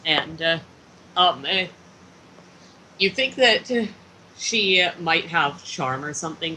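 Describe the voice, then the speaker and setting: A game master narrating a tabletop game, speaking haltingly with many fillers. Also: medium pitch, animated, pushed and bright, slight background noise, rough recording.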